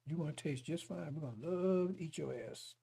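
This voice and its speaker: A man's voice: fairly high pitch, brisk, vocal fry, dark tone, slightly rough. A male preacher delivering a fiery broadcast sermon, mocking and chuckling between his points.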